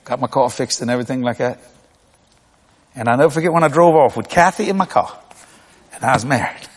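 A man's voice: mid-range voice, fairly quick. A man from New Orleans telling a folksy family story in a sermon, laughing often.

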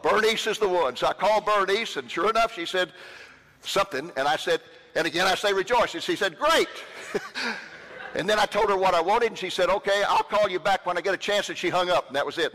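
A man preaching a sermon, telling a personal story with lively quoted voices. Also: high-pitched. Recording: long hall reverb.

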